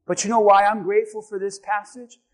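A man preaching a sermon as pastor, telling a story calmly and then building to shouted exhortation. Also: high voice, fairly quick.

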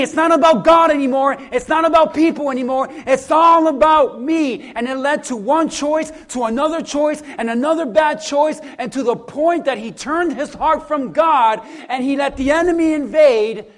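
A pastor preaching a sermon, swinging from quiet asides to loud, animated calls and acting out what people say. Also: male voice, very high voice, moderate pace, hardly any pauses.

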